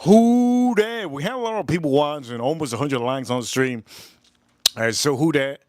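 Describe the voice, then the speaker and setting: A man's voice: medium pitch, a little fast, no echo, studio quality. A jet-lagged man hosting a casual livestream, repeating himself, swearing loosely and calling out to viewers. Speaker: livestream host.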